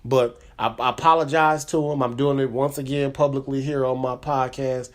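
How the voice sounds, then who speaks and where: A man's voice: medium pitch, flat delivery, moderate pace. A man hosting his own comedy podcast, telling a story in a rambling casual way with lots of fillers and repeated words. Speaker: podcast host. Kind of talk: casual chat.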